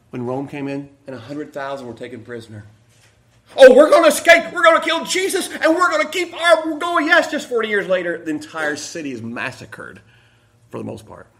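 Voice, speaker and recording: A male pastor delivers a sermon in a high voice that leaps up and down as he goes. He is animated and plays out the quoted lines with dramatic swings in tone. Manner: animated, acts out quotations with sudden swings in voice.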